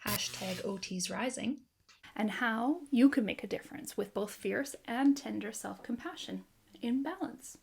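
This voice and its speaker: A woman from Canada, an occupational therapist, giving an earnest, measured talk to camera in a gently encouraging way. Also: a little high, lively intonation, creaky, slight background noise.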